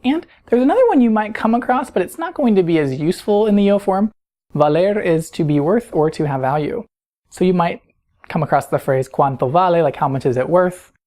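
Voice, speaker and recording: Woman teacher, low mellow voice, patient explainer who quizzes the listener. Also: fairly quick. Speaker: Spanish teacher. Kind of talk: recorded grammar lesson.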